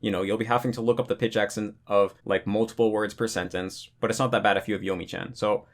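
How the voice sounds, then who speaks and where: A young man giving casual talking-head advice on language learning, relaxed and rambling, full of "you know" and "like". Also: fairly low pitch, fast.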